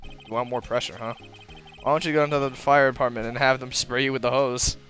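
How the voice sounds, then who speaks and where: Wry young lawyer, dry and deadpan, as read by a man. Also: mid-range voice, brisk, faint music behind, lightly acted.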